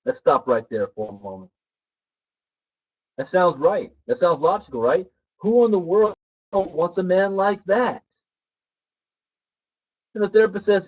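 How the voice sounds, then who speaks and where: A man's voice: high-pitched, a little slow, long pauses, muffled recording. A man giving a motivational training talk, who tells stories and acts out the people in them. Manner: animated storyteller who acts out quoted people. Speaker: personal development trainer.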